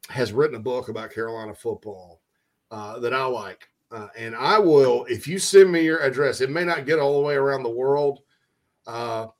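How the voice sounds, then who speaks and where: A man's voice: mid-range voice, a bit bright. Guy on sports radio, chatty and rambling, lots of uhs, jokes around. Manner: rambling, jokey, many fillers and restarts. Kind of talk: casual sports talk.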